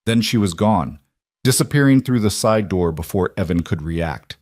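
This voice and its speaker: Male narrator, lowish dry voice, steady scripted storytelling. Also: normal speed, no echo.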